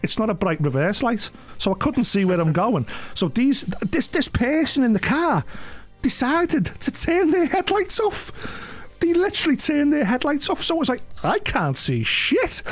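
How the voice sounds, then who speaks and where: A man's voice: extremely high pitch, expressive, moderate pace. A middle-aged man, chatting casually on a live stream, rambling through anecdotes with frequent swearing and laughs. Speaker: game streamer.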